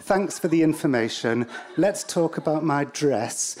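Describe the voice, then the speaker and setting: A man quoting a bewildered, rambling female humanoid robot, with slow, halting, oddly disconnected replies. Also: on the high side, animated, darkish tone, a little hiss or hum, pitched above the performer's own voice. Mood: dazed.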